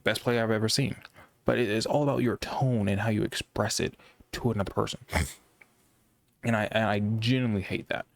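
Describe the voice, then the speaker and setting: Young guy, low flat monotone voice, rambly and stumbly, dry close mic. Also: creaky, no echo. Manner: rambling, halting with many restarts. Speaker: gaming commentator. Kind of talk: casual monologue.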